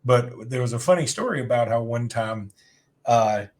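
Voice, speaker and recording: A man's voice: medium pitch, animated, moderate pace, a little mellow. A man from Alabama, co-hosting a casual sports podcast, telling rambling self-deprecating stories. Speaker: podcast co-host.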